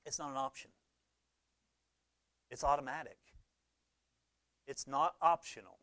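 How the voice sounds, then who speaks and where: A man, preaching a conversational sermon that swings between loud emphasis and quiet low talk. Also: fairly even intonation, unhurried, long pauses. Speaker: pastor.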